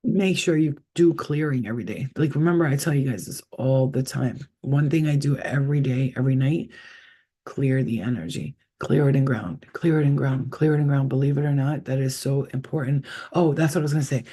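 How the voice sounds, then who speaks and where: A man's voice: mid-range voice, brisk, warm tone, slightly rough. A man, a psychic reader, chatting casually with his viewers on a live stream, rambling and swearing freely.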